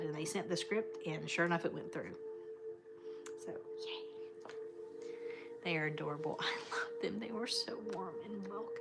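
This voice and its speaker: A woman's voice: on the low side, moderate pace, long pauses. A woman hosting a casual livestream, chatting affectionately with her viewers and using fond terms of endearment. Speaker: livestream host. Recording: clear music playing behind the voice. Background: background music.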